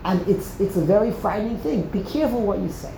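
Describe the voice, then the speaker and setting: Animated woman giving a Torah talk. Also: mid-range voice, fast talker, vocal fry, slight background noise. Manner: emphatic, repeats phrases for stress. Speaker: Torah teacher. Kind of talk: Torah lecture. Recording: roomy echo.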